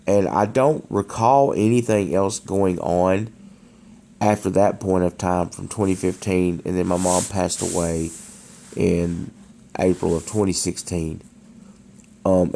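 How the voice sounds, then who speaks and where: A man's voice: sits low, creaky, mellow, slight background noise. A man casually telling a story at home, hesitant, with frequent restarts and fillers. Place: dark room at home.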